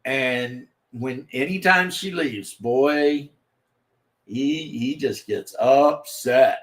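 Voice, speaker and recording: A man hosting a casual livestream, talking slowly and rambling with many fillers and restarts. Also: medium pitch, fairly bright tone. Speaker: livestream host.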